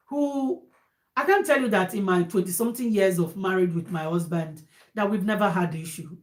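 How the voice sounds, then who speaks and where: Woman, 40s, mid-range voice; emphatic, repetitive advice-giver who drops into pidgin. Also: medium pitch. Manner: emphatic, repeats phrases, switches into pidgin. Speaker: married woman giving relationship advice. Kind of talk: casual monologue.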